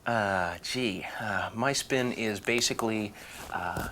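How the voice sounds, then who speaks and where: A man being interviewed as an actor guest, answering with deadpan jokes and bursting into silly voices. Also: lowish voice, takes it slowly, slight background noise.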